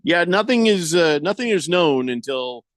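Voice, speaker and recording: Lively, fairly high-voiced male sports host. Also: moderate pace, no room sound. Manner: reads listener comments aloud, wry asides. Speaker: sports radio host reading chat. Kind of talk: casual sports talk.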